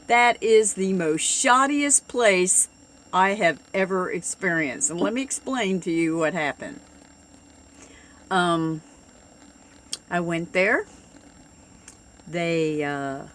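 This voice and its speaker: A woman, telling a story to her vlog audience in a casual, exasperated and animated way. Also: fairly low pitch. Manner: chatty, exasperated, animated retelling with laughs. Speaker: vlogger. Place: living in a bus, camping.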